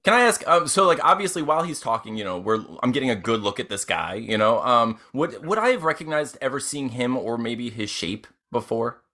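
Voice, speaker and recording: A man's voice: medium pitch, sing-song, brisk, few pauses, pushed and bright. Brief: male player, loose and rambling, lots of fillers. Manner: rambling, laughs often, many fillers. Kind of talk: casual chat during a tabletop game.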